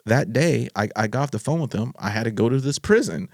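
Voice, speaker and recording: A middle-aged man with a gravelly, creaky edge to his voice recounts his life as a podcast guest. He speaks in a lively way, often stops to restart, and sometimes acts out other people's lines. The sound is close and dry. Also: medium pitch, fast, no room sound. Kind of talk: candid personal storytelling.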